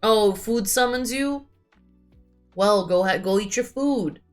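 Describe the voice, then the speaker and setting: A young woman streaming a game, chatting playfully and asking quick surprised questions as she reads along. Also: medium pitch, faint music behind. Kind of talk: casual game commentary and reading dialogue aloud.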